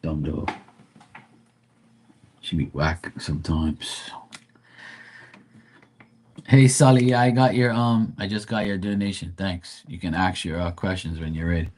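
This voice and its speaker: A man's voice: low-pitched, a little slow, pauses often, darkish tone. A man hosting a casual live stream from home, greeting viewers by name and teasing his dog in a laid-back way. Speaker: live stream tarot reader.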